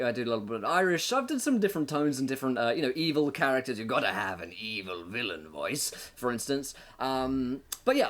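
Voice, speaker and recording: A man hosting a tabletop game stream as game master, talking in a casual, upbeat monologue that is full of fillers and quick laughs. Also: fairly high pitch. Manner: upbeat and chatty, laughing between thoughts, many filler words. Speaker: game master and show host.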